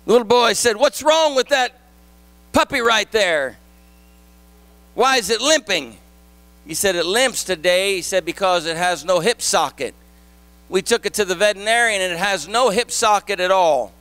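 In a sermon, a male pastor moves from a gentle story into emphatic, shouted preaching. His voice is very high for a man, bright and sharp, delivered at a moderate pace with no echo.

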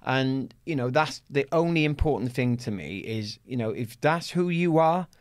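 A man's voice: medium pitch, animated, moderate pace. A middle-aged man telling a story as an interview guest, laughing often and swearing freely. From Wales. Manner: laughs often, swears freely, acts out his own shouts. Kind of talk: animated anecdotal storytelling.

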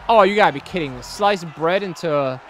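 Young dude narrating his wrestling game, high-pitched and all over the place, goofy and hyped. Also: a little fast, faint music behind, some chatter behind. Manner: excitable, jokey, laughs often. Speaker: gaming channel host. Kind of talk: let's play commentary.

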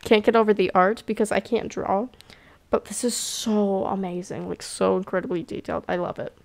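Giggly woman with a gravelly edge. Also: medium pitch, normal speed. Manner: giggly, excitable, self-mocking. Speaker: gamer playing a cat role-play game. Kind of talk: casual let's-play commentary.

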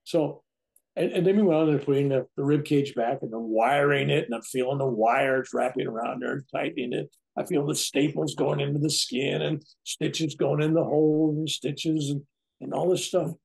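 Man, 70s, interview guest, mellow low tone, raspy fry, casual storytelling, voices quoted lines. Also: moderate pace. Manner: acts out quoted dialogue, tags lines with "right?".

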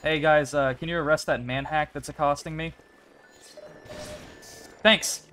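A man's voice: fairly high pitch, steady tone, unhurried, sharp tone, slight background noise. Young man pleading and swearing through gameplay. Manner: talks to himself and game characters, pleading and swearing. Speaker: gaming YouTuber. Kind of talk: casual gameplay commentary.

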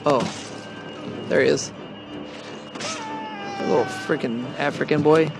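Brief: young male gamer, a bit high-voiced, goofy and giggly, mock-serious readings. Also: unhurried, creaky, over music. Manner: goofy, laughs often, reads lines in a mock deadpan. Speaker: gaming channel co-host. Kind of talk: casual gameplay banter.

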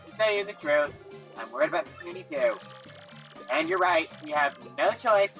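A woman's voice: low-pitched, expressive, moderate pace, a bit bright, dull audio, soft background music. A woman voicing an earnest young male creature who leads his small tribe.

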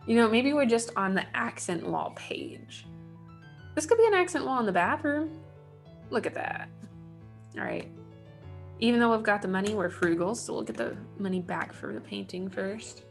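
This gaming channel host, probably a woman in her thirties, chats her way through a casual let's play, muttering wry remarks to herself while building. She speaks at an ordinary pace with a medium, expressive pitch and some vocal fry, faint music playing underneath.

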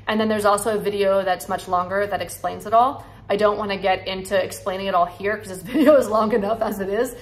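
A woman in her thirties, a sobriety coach, talking straight to her viewers in an earnest, encouraging way and repeating affirmations. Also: mid-range voice. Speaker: sobriety coach and channel host. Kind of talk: heartfelt direct-to-camera talk.

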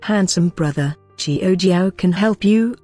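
Woman reading as an eager little princess, stubborn, low and husky, soft music behind, storybook recap. She calls herself by name and keeps pleading. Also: slow. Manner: childlike, talks of herself by name.

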